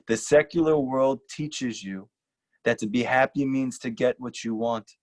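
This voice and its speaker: A rabbi giving an earnest, emphatic lecture and repeating short lines for stress. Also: male voice, medium pitch, measured pace, a little mellow. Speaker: rabbi teaching a class. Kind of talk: earnest sermon-style lecture.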